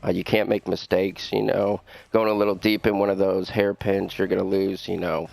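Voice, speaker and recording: A man being interviewed after a race, halting and full of fillers and restarts. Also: low voice, little pitch movement, vocal fry, a little mellow, no echo, soft background music. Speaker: racing driver.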